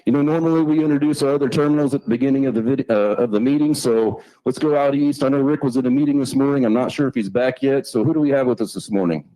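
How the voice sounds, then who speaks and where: A man's voice: mid-range voice, quick pace, few pauses, warm tone, low-quality recording. A man hosting a live company safety meeting, introducing speakers in a friendly, conversational way. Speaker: meeting host.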